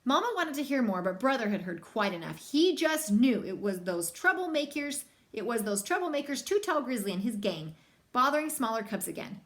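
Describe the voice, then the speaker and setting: Lively high-voiced woman reading aloud. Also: fairly quick. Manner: lively, chatty asides to young listeners. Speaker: storybook reader. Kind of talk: reading a children's picture book aloud.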